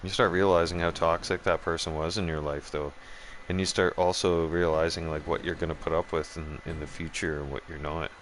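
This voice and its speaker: A man's voice: sits low, little pitch movement, fairly quick, hardly any pauses, fairly bright tone, a little hiss or hum. A man hosting a gaming channel, ranting profanely in casual chat and talking straight to his viewers. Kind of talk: casual rant while streaming a game.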